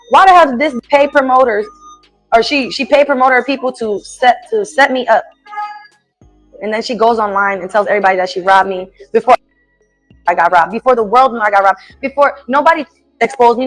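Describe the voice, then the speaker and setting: A singer vents angrily in a played clip, defending herself by repeating her points and swearing freely as she gives her side in casual speech. Her voice is fairly high and fairly bright, and the recording is dry and rough.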